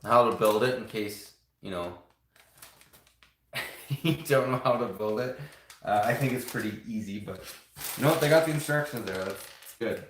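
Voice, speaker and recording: A man's voice: mid-range voice, normal speed, pauses often, a little hiss or hum. A man chatting casually on a live stream, rambling to his viewers as he builds and shows off toy sets. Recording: roomy home room echo.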